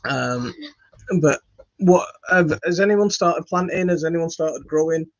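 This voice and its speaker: An unhurried man with a voice on the high side chats to camera as host of a home gardening channel, self-deprecating and rambling with many fillers and restarts. He's from West Yorkshire, England. Recorded on a phone in an indoor home studio, the audio is dull and lo-fi with no room sound.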